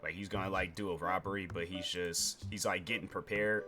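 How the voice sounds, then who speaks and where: A man's voice: deep voice, fairly even intonation, fairly quick. A male streamer rambling through casual, joking commentary while he plays a game. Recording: game music playing behind.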